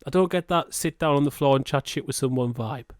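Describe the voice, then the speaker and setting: A man's voice: medium pitch, brisk, no echo, clean studio sound. A man with a northern English accent, a podcast co-host, rambling bluntly and swearing in casual chat.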